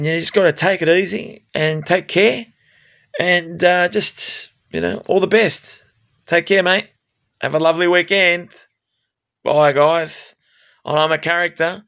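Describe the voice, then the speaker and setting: A man's voice: sits high, measured pace, a bit bright, highs cut off. A man with an Australian accent rambling frankly and swearing freely in a self-recorded vlog. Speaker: vlogger.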